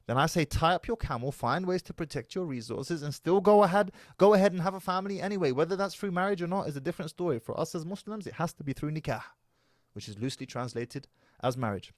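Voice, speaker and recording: A man's voice: fairly high pitch, fast, dry recording, clean studio sound. Emphatic man in his thirties. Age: 30s. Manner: emphatic, preachy. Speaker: reaction video host. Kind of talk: casual commentary.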